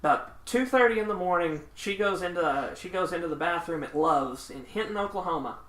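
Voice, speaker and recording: A man hosting a podcast, telling road stories in a lively way and acting out the people in them. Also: high voice, brisk. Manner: animated, laughing raconteur who acts out the people in his stories. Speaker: podcast host. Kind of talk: casual storytelling chat. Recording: echoey room.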